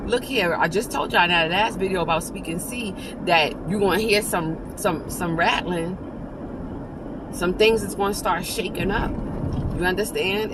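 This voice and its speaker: A woman delivers an off-the-cuff devotional message, fervent and conversational, with a middle-range voice. She keeps stopping to restart and to address her listeners directly. Constant vehicle hum sits clearly under the recording. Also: mid-range voice. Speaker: preacher sharing an encouraging message with viewers. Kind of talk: informal devotional talk to camera.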